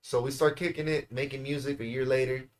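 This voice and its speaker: A man's voice: medium pitch, quick pace. A man from Central California, a guest telling a story in casual, profane talk full of slang, who keeps calling the listener "bro.". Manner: animated and profane, heavy slang, often says "bro". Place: house, indoors.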